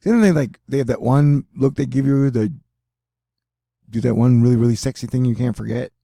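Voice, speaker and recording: Gravelly-voiced man rambling through a weather vlog. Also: medium pitch, normal speed, dark tone, no echo, studio quality. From United States. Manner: rambling, jokey, frequent fillers. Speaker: weather video host. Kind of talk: rambling casual vlog commentary.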